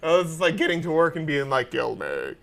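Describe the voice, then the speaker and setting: A man's voice: a little high, fairly even intonation, fast talker, fairly bright tone. A man hosting a casual talk show, tired and chatty, laughing often and rambling with restarts. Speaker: show host. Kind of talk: casual chat.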